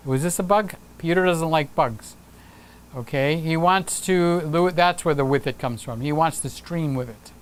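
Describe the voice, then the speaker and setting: A man's voice: fairly high pitch, moderate pace, clear, resonant tone. A man hosting a casual livestream, chatting upbeat and reading viewer comments aloud with frequent fillers. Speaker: livestream host.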